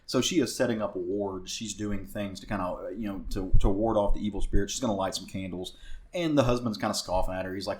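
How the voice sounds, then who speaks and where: A man's voice: sits low, steady tone, quick pace. A man with a Southern US accent co-hosting a podcast, recapping a comic book in a rambling casual way with many fillers and restarts. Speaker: podcast co-host.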